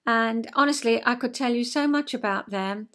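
An English woman in her sixties with a Southern English accent talks to camera from home in a chatty, rambling way. She fills her talk with asides and little fillers, and her voice sits a touch higher than most women's. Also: moderate pace, a bit bright. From South East England. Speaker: vlog host. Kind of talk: chatty solo vlog. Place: at home, indoors.

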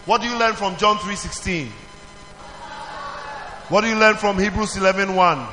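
A man with a high-sitting voice teaches a children's church in call-and-response, animatedly asking questions and prompting the group to answer. He speaks at a moderate pace over soft background music. The recording has the reverb of a hall.

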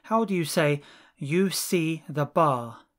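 A language teacher reading lesson drills, saying each phrase slowly and deliberately, one at a time. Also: mid-range voice, expressive.

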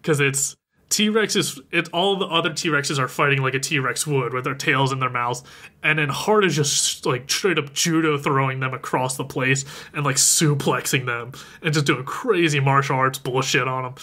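Speaking at a normal speed with a sharp edge to his mid-range voice, this man co-hosts a podcast. He chats casually as he recaps a movie's plot, performing the characters' dialogue along the way.

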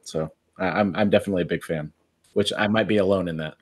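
A lower-pitched man with a husky voice chats as a podcast guest. He is laid-back, laughs easily and fills his pauses with "uh." The tone is relaxed conversation. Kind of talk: casual chat.

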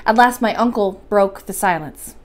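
A woman reading a classic adventure novel aloud as a bedtime story, in calm, measured storybook narration. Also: medium pitch. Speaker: library storyteller.

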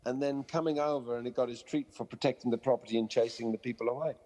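A man's voice: mid-range voice, fast talker, big-room sound. A man who works as a dog trainer, telling stories in a podcast interview and acting out the voices of people and dogs. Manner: animated storyteller acting out quoted voices.

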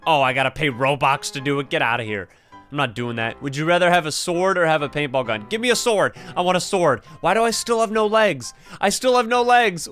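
A young man giving excitable, slang-filled commentary over gameplay, laughing often. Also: a little high, clean tone. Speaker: gaming video host. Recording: faint background game music.

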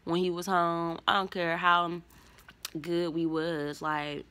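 A young adult woman vlogging a casual storytime, rambling, candid and profane, drifting between soft murmurs and louder bursts. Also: fairly low pitch, little pitch movement, takes it slowly, clear, resonant tone.

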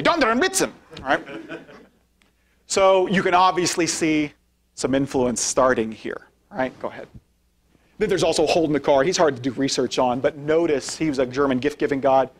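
A man with a somewhat high speaking voice gives a relaxed, conversational lecture to an audience. He checks in with frequent quick tag questions and calls for the next slide as he talks. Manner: directs slide changes while speaking. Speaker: guest speaker, philosophy professor. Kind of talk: informal public lecture with slides.

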